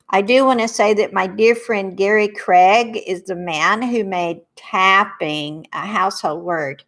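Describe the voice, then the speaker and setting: Woman coach leading a tapping session, unhurried and soothing, mid-pitched, phrases spaced out to be repeated back. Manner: slow, soothing guided repetition. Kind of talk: guided tapping workshop.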